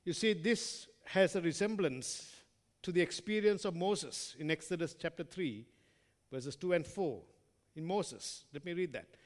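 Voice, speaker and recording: A man preaching a sermon who reads scripture aloud, asks the listeners rhetorical questions and calls them friends, with strong shifts between loud emphasis and quiet trailing words. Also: fairly high pitch, measured pace. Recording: long hall reverb.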